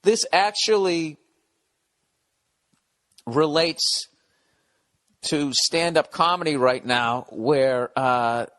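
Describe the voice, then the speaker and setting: Male podcast host, slightly high voice, dry close sound, reads letters and riffs bluntly with swearing. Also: drawn-out words, long pauses, a bit bright, no echo. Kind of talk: casual comedic monologue.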